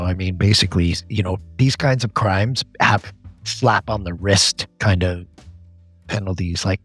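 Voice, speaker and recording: A man from Canada, a podcast guest, chatting in a relaxed way and saying "like" often. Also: on the low side, husky. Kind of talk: casual chat.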